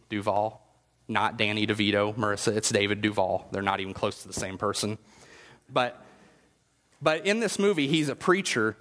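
A man's voice: medium pitch, fairly bright tone, big-room sound. A man preaching a sermon in a conversational, chatty way and asking the congregation questions. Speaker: pastor.

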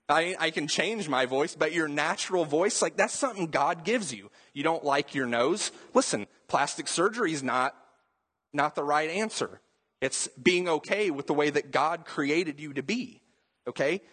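A young adult man preaching a sermon in a relaxed, conversational way, full of casual asides. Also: fairly high pitch, normal speed, husky. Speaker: pastor.

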